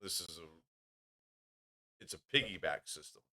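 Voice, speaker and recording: A man with a low, forceful voice spins a long, profane anecdote in a relaxed podcast conversation. He rambles from one detail to the next, swearing freely. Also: moderate pace. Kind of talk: casual storytelling chat.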